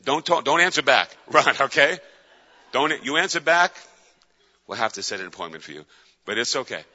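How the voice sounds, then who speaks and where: Fervent male preacher, dramatic storyteller; bright, forceful tone, dull lo-fi recording. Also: medium pitch, animated, normal speed, long pauses. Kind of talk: sermon. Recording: dull lo-fi with long hall reverb.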